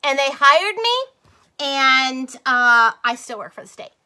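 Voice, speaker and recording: A woman's voice: high voice, sing-song, slow, sharp tone, clean tone. A middle-aged woman chatting casually with livestream viewers while she crafts, rambling, laughing and drifting off topic. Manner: talks to viewers as "you guys" and "y'all".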